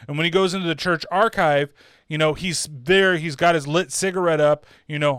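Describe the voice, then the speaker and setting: A man's voice: fairly high pitch, moderate pace, fairly bright tone, clear, resonant tone, dry recording, clean studio sound. Profane rambling man reviewing films. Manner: rambling, profane, full of fillers like "like" and "uh". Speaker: horror movie reviewer, channel host. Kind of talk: casual spoken film review.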